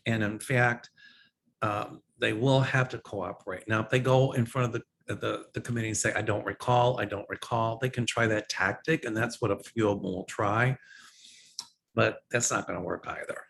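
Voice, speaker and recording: A man's voice: fairly low pitch, gravelly, fairly bright tone, slight background noise. A man answering viewer questions as a psychic host in a casual, opinionated way, with frequent ums and restarts. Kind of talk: casual livestream Q&A.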